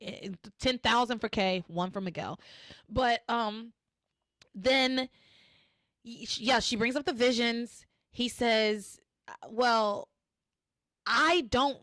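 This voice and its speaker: Woman podcast host, higher voice, dry close sound, animated recap chat. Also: slow pace, no echo. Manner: animated retelling, acts out quotes.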